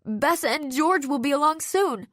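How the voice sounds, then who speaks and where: Woman doing a shaky, high teenage girl detective. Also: expressive, moderate pace, a bit bright, no room sound, clean studio sound. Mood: scared, pleading. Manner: tense, pleading, voice higher and shakier. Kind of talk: audiobook character voice.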